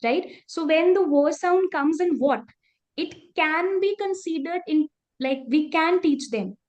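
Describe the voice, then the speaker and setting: A woman's voice: extremely high pitch, lively intonation, unhurried, darkish tone. A woman presenter, earnestly answering a question on a video call, often repeating herself as she explains. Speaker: session presenter. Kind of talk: answering questions in an online training.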